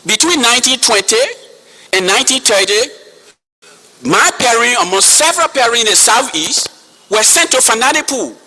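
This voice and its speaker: Liberian man, 50s, impassioned witness addressing a chairman; sharp bright tone. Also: extremely high pitch, animated, normal speed, husky. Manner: forceful, repeats key words for emphasis, addresses the chairman. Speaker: witness giving testimony. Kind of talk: impassioned public testimony. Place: hall.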